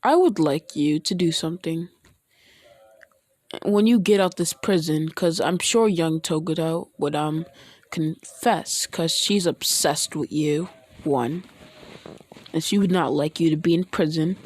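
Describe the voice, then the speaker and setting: A woman's voice: sits low, measured pace, a little mellow, dry recording. A woman voicing a blunt male villain. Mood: lecturing. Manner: blunt, lecturing. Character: gruff adult male villain giving advice.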